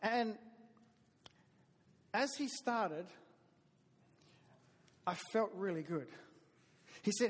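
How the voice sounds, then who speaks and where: High-voiced Southern preacher in a reverberant hall. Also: male voice, expressive, takes it slowly, long pauses, slightly rough. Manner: folksy, self-deprecating storytelling with hesitant restarts. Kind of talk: sermon. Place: church sanctuary.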